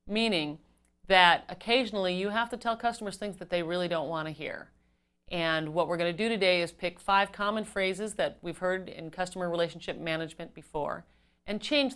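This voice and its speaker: A woman giving an instructional talk on customer service as a trainer, measured and explanatory, stressing key words. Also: fairly low pitch, a bit bright.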